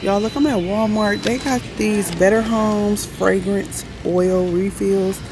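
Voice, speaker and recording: A woman vlogger chats casually to camera, frank and talkative, calling her viewers y'all and swearing freely. Her mid-range voice is steady and slow, with loud music and noise behind it.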